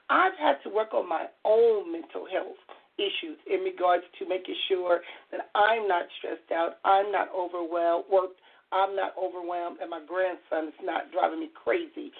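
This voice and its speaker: A middle-aged woman with a hoarse voice hosts a call-in radio show, chatty and earnest as she tries to keep her voice soft. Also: mid-range voice. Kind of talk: call-in talk radio monologue. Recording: tinny phone-line audio.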